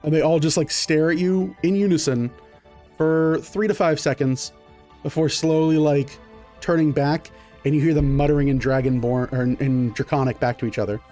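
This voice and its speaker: A man's voice: fairly high pitch, fairly even intonation, normal speed, warm tone, faint music behind. A man narrating a tabletop game as game master, in a loose, filler-heavy way.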